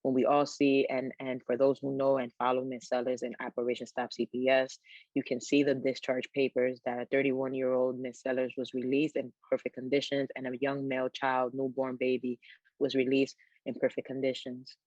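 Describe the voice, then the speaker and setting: A man speaking on a townhall panel, commenting on a video clip in a measured, deliberate way with some restarts. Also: medium pitch, monotone, a little mellow, dry recording, lo-fi sound.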